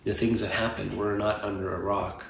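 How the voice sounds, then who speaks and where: A man preaching a sermon as a pastor, in an earnest, measured way with pauses and fillers. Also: fairly low pitch, flat delivery, creaky, a little hiss or hum. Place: church sanctuary. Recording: roomy church sound from a distant mic.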